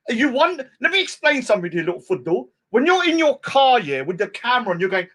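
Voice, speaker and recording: Outdoors at a public speaking spot, a male street preacher and debater rants at a rival, hurling insults and mocking him. His voice is very high-pitched and sing-song, a little fast and slightly bright. He mimics his target in a whiny voice.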